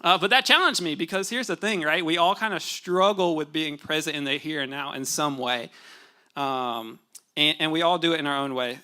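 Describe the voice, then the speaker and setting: A young man giving a casual, conversational sermon in a church, relaxed and chatty, with fillers and asides to the congregation. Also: a little high, moderate pace. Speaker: pastor. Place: church sanctuary.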